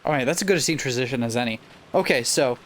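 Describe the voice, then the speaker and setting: A man reading a visual novel aloud for a let's play, then chatting about it in a relaxed, casual way. He trips over words now and then and carries on. A faint hiss of room noise sits under his voice. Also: medium pitch, fast talker. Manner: reads the script aloud, stumbles over words and laughs it off. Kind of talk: casual playthrough chat, reading game text aloud.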